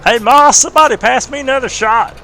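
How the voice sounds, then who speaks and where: A man's voice: very high-pitched, fairly quick, bright, forceful tone, pitched above the performer's own voice, exaggerated voice. A man putting on a goofy voice of a lost country redneck, hollering with an exaggerated twang. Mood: goofy, rowdy. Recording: noisy game sounds behind.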